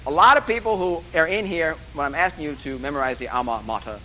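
A man's voice: on the high side, quick pace, sharp tone, a little hiss or hum, rough recording. Joking, rambling male lecturer. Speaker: college instructor. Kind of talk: course orientation lecture. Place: classroom or lecture hall.

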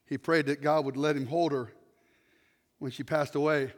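A man preaching a sermon and telling stories, swinging between loud shouts and hushed, near-whispered passages. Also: on the high side, fairly even intonation, normal speed. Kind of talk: sermon storytelling. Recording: long reverb of a large hall.

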